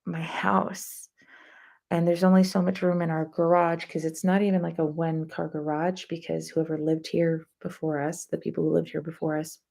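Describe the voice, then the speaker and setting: Chatty woman with a low, gravelly voice. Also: flat delivery, moderate pace, a little mellow. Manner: rambling, chatty, answers viewer comments as she goes. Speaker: live-stream host chatting with viewers. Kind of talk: casual live-stream chat.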